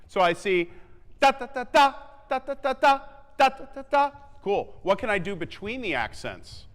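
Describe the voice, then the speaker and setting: A man's voice: on the high side, a bit bright. Upbeat male band clinician, echoey theatre. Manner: upbeat, sings melodies on syllables and counts the band in. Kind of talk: live wind band rehearsal coaching. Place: large theatre stage. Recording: echoey hall, long reverb.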